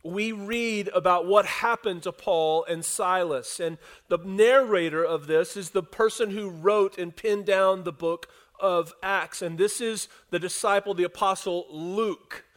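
A man's voice: high-pitched, unhurried, few pauses. A man preaching a sermon, retelling a scripture passage and acting out the quotes while speaking to the congregation. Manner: animated preacher, acts out quotes, talks to congregation. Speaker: pastor.

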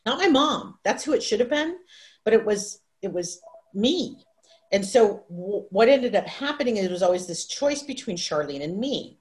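Speaking at a moderate pace in a mid-range, sing-song voice, this fifty-something livestream host shares a personal story over a video call microphone. She wanders and gets emotional, restarting often and slipping into asides.

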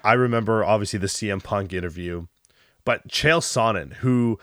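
A man's voice: lowish voice, moderate pace, fairly bright tone. A podcast host chatting with his guest, mostly brief affirmations and recalled moments. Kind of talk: interview chat.

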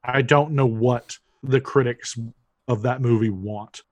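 A man's voice: mid-range voice, measured pace, dry recording, lo-fi sound. A man co-hosting a movie podcast, thoughtful and often hesitant, with restarts. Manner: hesitant, stammering, dry, thoughtful. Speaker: podcast co-host. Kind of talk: casual movie chat.

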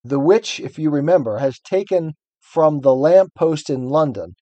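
A man's voice: a little high, animated, a little slow, dark tone, dry recording, lo-fi sound. A man co-hosting a podcast, talking through a book in an earnest, explanatory way. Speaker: podcast co-host. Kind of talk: casual book discussion.

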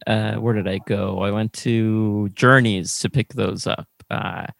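A man hosting a casual podcast chat, rambling in a deadpan way. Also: fairly low pitch, a little slow, vocal fry, dry recording, studio quality. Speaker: podcast host.

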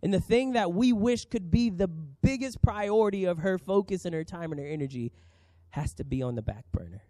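A man in his thirties preaching a sermon as pastor, earnest and emphatic with dramatic pauses. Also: sits high, animated, mellow, dry recording.

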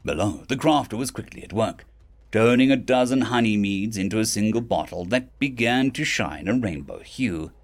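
Guy reading a web novel out loud, voice bounces all over, puts on voices for characters. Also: on the low side, normal speed. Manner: expressive, jumps into character voices. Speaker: audiobook narrator.

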